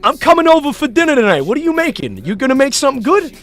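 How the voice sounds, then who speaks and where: A man's voice: extremely high pitch, wildly swooping pitch, very fast, fairly bright tone, soft background music, pitched above the performer's own voice, exaggerated voice. A man voicing a laid-back, joking male rapper, breezy and chummy.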